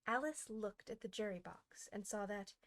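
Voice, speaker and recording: A woman hosting a show where she reads a classic storybook aloud with a steady, clear delivery. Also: medium pitch, moderate pace. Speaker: audiobook narrator, host. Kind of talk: storybook reading.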